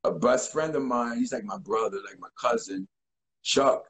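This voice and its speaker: A man in his forties, a guest in a casual interview, telling stories in an animated way and acting out quotes. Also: mid-range voice, moderate pace, creaky, rough recording. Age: 40s. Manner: animated, acts out voices and quotes.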